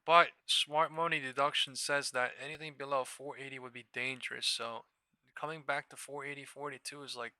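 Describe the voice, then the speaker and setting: Guy live-streaming trades, swears a lot, super bright tense voice, dry close mic. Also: medium pitch, fairly quick, clear, resonant tone, no room sound. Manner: excitable, profane, thinks aloud over charts. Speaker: live stock trading streamer. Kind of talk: casual live-stream commentary.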